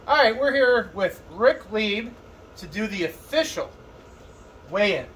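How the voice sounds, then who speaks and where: A man's voice: high voice, expressive, a little slow, fairly bright tone. A man running a weigh-in, brusque and teasing in casual banter. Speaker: weigh-in official. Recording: distant mic with clear noise.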